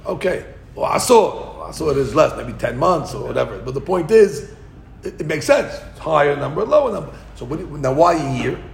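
A man's voice: on the high side, big pitch swings, normal speed, vocal fry, a little hiss or hum. A man teaching a Talmud class, thinking aloud and restarting often, with Hebrew and Aramaic terms mixed into his English.

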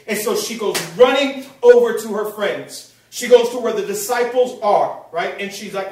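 Male pastor, fervent preacher, high voice, heavy room echo, mic at a distance. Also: moderate pace. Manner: passionate, repeats phrases for emphasis. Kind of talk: sermon. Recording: very echoey room, voice from far off.

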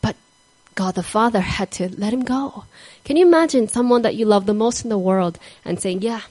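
A woman telling a story in a sermon in an earnest way, sometimes dropping to a soft whisper on key words. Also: medium pitch, normal speed, no room sound, poor audio. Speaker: speaker giving a devotional talk.

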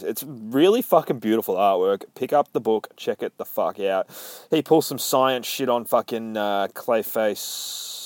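A man's voice: fairly low pitch, clean tone, dry recording. A man recapping a comic book in casual chat, swearing constantly and acting out the characters' lines.

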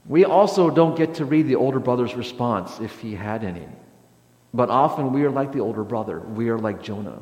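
A man's voice: mid-range voice, expressive, brisk, darkish tone, reverberant, big-room sound. A man preaching a sermon as pastor, speaking hesitantly with frequent restarts and fillers, recorded in a church sanctuary.

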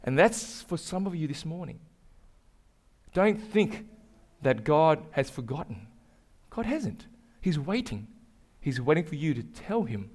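A man's voice: medium pitch, sing-song, measured pace, long pauses, a little mellow. A man preaching a sermon as pastor, earnest and repetitive, building in intensity.

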